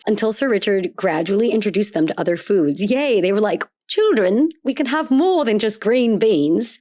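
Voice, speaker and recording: Woman, podcast host, slightly low voice, bubbly, playful asides, story reading. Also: darkish tone, dry recording, clean studio sound. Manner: bubbly, playful, reacts with gasps and squeals.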